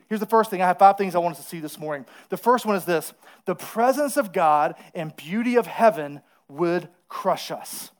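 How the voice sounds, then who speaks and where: Guy preaching, chatty and animated, gets the crowd to repeat stuff. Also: high voice. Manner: lively storytelling with crowd call-and-response. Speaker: pastor. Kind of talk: sermon.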